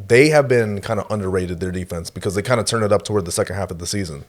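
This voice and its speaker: Speaking very fast in a lowish voice, a young man co-hosting a podcast chats about football. His manner is relaxed, with lots of laughs and hedging fillers.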